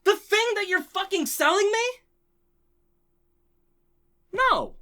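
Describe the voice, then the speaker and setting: A man's voice: very high voice, animated, takes it slowly, pauses often. Fired-up, profane man ranting animatedly. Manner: profane, heated, swings from sarcasm to shouting joy. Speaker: channel host. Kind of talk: impassioned ranting vlog.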